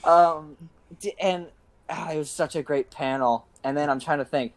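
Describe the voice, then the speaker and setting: A young man co-hosting a casual podcast chat, excitable and swearing, laughing through his stories. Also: fairly high pitch, normal speed. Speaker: podcast co-host.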